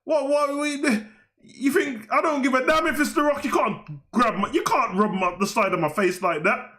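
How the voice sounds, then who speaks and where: Very high-pitched and sharp, this young wrestling talk show host rants at a moderate pace. His casual commentary is slangy, heated, and rambling.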